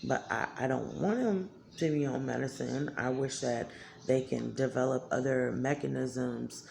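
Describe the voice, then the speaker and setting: A woman's voice: a bass voice, a little slow, creaky, a little mellow. A woman talking candidly to her viewers in a blunt, emotional way, swearing freely. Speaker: vlogger. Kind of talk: candid talk to camera.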